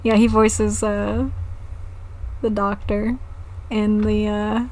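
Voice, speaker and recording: A woman's voice: mid-range voice, little pitch movement, slow pace, a little mellow. A woman streamer chatting casually on a live stream, giggling often and swearing freely.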